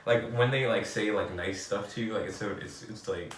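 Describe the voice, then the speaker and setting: Young NY guy co-hosting a podcast, lowish voice, lots of "like", off-mic in an echoey room. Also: normal speed, slight background noise. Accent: New York. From New York. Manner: rambling, heavy "like" filler, animated bursts. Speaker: podcast co-host. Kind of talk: casual chat. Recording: roomy and distant from the mic.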